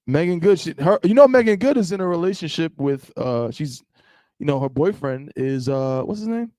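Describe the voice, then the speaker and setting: A man with a fairly high voice trades casual banter on a podcast and laughs a lot. His teasing, animated delivery sits close to the mic in a dry room. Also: normal speed, dry recording. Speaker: podcast co-host.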